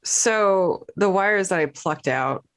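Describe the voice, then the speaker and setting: A player in a tabletop game, talking in a casual, slow, laid-back way. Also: mid-range voice, lively intonation, a bit bright. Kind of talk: actual-play tabletop game.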